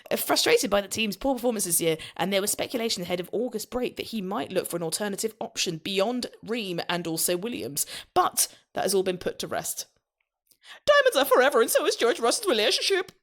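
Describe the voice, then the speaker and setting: A woman's voice: mid-range voice, fairly quick, few pauses. A woman hosting a podcast, reading a scripted news recap with giggly, sarcastic asides.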